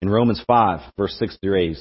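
A low, breathy-edged male voice speaks at normal speed: a young campus ministry speaker giving a conversational sermon to a campus group. He repeats words as he thinks aloud. The recording comes from an echoey hall and sounds dull and lo-fi.

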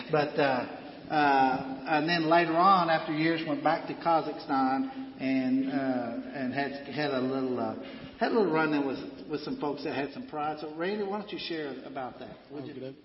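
Guy preaching, asks the crowd stuff, slightly high voice, echoey church sound. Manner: conversational preaching with questions to the congregation. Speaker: pastor. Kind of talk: sermon. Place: church sanctuary. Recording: dull, echoey hall sound.

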